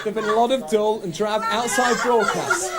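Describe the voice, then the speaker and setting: A man with a very high voice hosts a live television broadcast. He jokes around and raises his voice to quiet a rowdy crowd. A busy party crowd is heard around him. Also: moderate pace. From England. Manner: lively, jokey, shouting over a party crowd. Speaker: presenter. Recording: noisy crowded house party.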